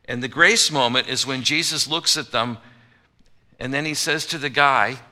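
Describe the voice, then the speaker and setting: A man's voice: mid-range voice, normal speed, sharp tone. A male pastor preaching a sermon in a church auditorium, talking in a conversational, humorous way and acting out the voices of people in the story.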